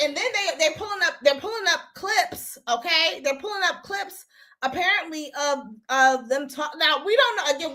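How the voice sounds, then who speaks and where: High, bright-voiced woman ranting on gossip. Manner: blunt, profane, heated ranting. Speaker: host of a gossip recap show. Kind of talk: casual commentary livestream.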